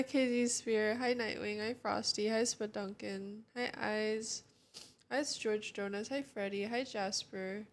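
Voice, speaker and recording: A young woman chats with her stream audience from home, greeting people one after another. Her sleepy morning voice carries a gravelly fry, and she speaks at an unhurried, slow pace. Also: mid-range voice. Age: young adult. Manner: greets chat viewers one by one, relaxed and chatty. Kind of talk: casual chat.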